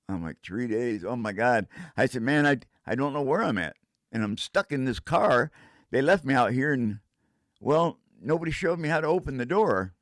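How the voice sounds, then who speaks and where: A man's voice: mid-range voice, expressive, normal speed, fairly bright tone, dry recording, clean studio sound. An older man telling a casual first-person story in a rambling way, breaking into vocal sound effects.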